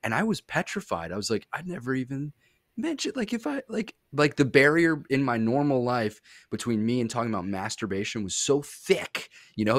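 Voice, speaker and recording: A man's voice: mid-range voice, fairly bright tone, dry recording, studio quality. A man co-hosting a podcast, chatting and asking questions, telling stories animatedly with stammering restarts. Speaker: podcast co-host. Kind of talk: casual interview chat.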